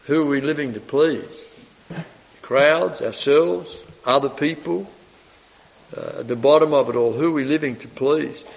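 A man delivers a sermon in a fairly high voice, firing rhetorical questions at his listeners and swinging from forceful emphasis to quiet asides. His voice rings with a long reverb from a church hall. The recording sounds dull and lo-fi. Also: measured pace, creaky. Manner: asks the audience rhetorical questions, swings between loud emphasis and soft asides. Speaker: preacher.

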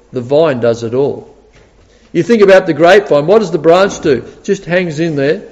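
A man preaching a sermon with a voice pitched well above most men's. He sounds animated, doubles his words as he restarts, and keeps turning questions to the congregation. His voice rings through a large church with a long reverb. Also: dull audio.

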